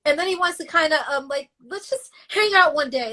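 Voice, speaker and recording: The interview guest, a woman singer, relates her story frankly and with strong feeling, lively and at times swearing. Her voice is high, her delivery fairly quick.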